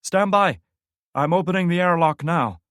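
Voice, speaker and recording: Man doing a harsh, frantic guard yelling on a radio. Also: sits high, moderate pace, no room sound, studio quality, pitched above the performer's own voice. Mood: urgent. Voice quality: harsh, crackling over a radio. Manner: shouting, demanding. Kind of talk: audiobook character voice.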